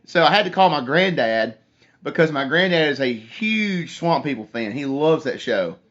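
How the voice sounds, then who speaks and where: A young livestream host with a slightly high, animated, fairly bright voice speaks at a moderate pace on his phone stream. He rambles through a story and reads viewer comments out loud in a casual live chat, the audio dull and lo-fi.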